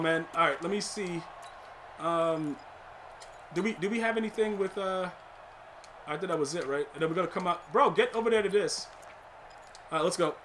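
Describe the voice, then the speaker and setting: A man with a high, bright, ringing voice talks over his football game on stream. He trash-talks in heavy slang, breaking into excited shouts and laughs as plays happen. There is a faint hiss in the background. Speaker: gaming streamer. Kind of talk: live gameplay commentary.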